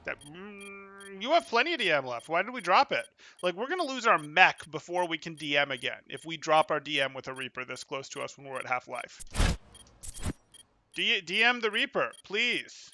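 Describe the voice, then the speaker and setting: A man coaching a player through live gameplay, brisk and emphatic, repeating his key points. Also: on the high side, very animated, bright, forceful tone, slight background noise. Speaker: game coach.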